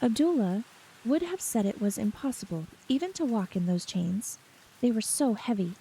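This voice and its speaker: A woman reading a novel aloud in a soft, unhurried ASMR story reading. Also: on the high side, animated, husky, low-quality recording.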